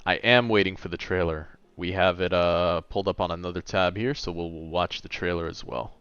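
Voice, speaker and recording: A man's voice: deep voice, fairly even intonation, brisk, a bit bright, clean tone, muffled recording. A man in his late twenties chatting casually and a little tiredly on a gaming livestream, reading and answering chat. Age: late 20s. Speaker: gaming streamer.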